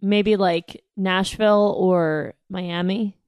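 A woman's voice: medium pitch, steady tone, takes it slowly, a little mellow, smooth, no echo, studio quality. A woman co-hosting a podcast in casual chat, blunt and teasing, swearing freely. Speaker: podcast co-host.

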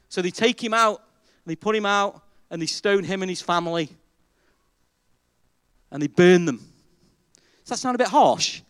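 A man preaching a sermon as pastor, emphatic and animated, asking the congregation rhetorical questions. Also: high-pitched, dry recording. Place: church.

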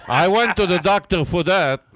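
A man's voice: high-pitched, moderate pace, a loud crowd. A man on a talk panel, blunt and joking in broken English. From Israel. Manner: blunt, animated, broken English, cursing freely. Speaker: panel guest, driver. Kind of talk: loud joking banter.

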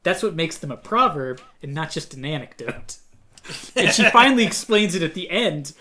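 Higher-pitched man, animated casual chat. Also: normal speed. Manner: animated, acts out quoted voices. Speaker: podcast co-host.

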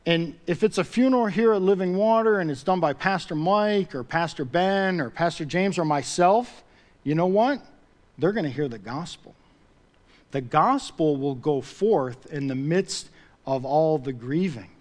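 A man's voice: fairly high pitch, expressive, measured pace. A man preaching a sermon as pastor, talking conversationally and building to emphatic swells with repeated phrases.

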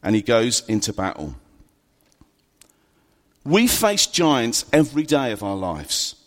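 A man's voice: mid-range voice, wildly swooping pitch, slow. A man preaching a sermon, retelling a story in a conversational way with humorous asides. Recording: long reverb of a large hall.

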